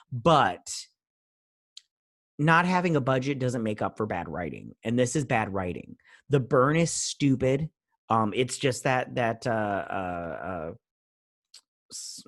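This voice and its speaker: A man's voice: mid-range voice, a bit bright, no room sound, clean studio sound. A man giving a casual, rambling spoken review of a TV episode, frustrated and full of fillers. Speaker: TV review vlogger.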